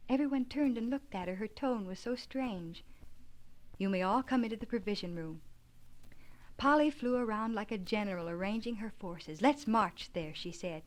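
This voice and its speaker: A woman reading an abridged children's classic aloud, gently expressive, giving the children's lines a light lift. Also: medium pitch. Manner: gentle, expressive narration with lively dialogue. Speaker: audiobook reader. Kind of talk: storybook reading with light character voices.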